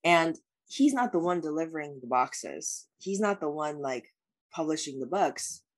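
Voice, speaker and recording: A woman's voice: low voice, animated, a little slow. A woman speaking as a life coach guest in an interview, answering in an earnest, reflective way with many "like" fillers.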